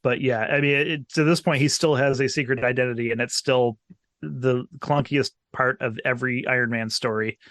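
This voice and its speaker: A man's voice: medium pitch, normal speed, dry recording. Brief: easygoing male podcast guest. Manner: relaxed, agreeable, short interjections. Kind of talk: casual chat.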